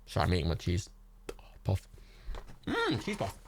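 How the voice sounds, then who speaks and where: A man's voice: low voice, huge pitch swings, moderate pace, a little hiss or hum. A man from Ireland hosting a livestream watch party, chatting casually, swearing a lot and laughing often. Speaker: livestream host. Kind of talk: casual chat during a movie watch party.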